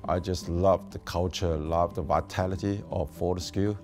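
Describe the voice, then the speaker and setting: Man, lowish voice, enthusiastic, faint music. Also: fairly even intonation, moderate pace, a little mellow. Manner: enthusiastic, rhetorical "right?". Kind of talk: interview.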